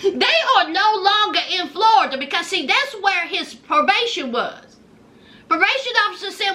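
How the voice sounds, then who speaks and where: A woman giving sassy, animated casual commentary on a reality show, with folksy asides. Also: very high-pitched, normal speed.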